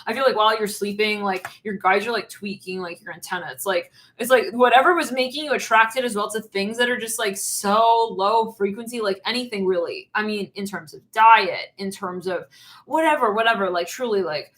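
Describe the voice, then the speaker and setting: A woman's voice: medium pitch, brisk, fairly bright tone. A woman giving a casual channeled tarot reading, rambling with lots of fillers and frequent giggles. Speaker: tarot reader.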